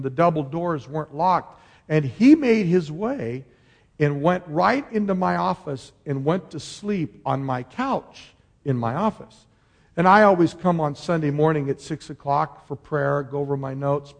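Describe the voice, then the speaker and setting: Middle-aged pastor guy preaching, fired up then goes soft and quiet telling a story, kinda high voice. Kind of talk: sermon.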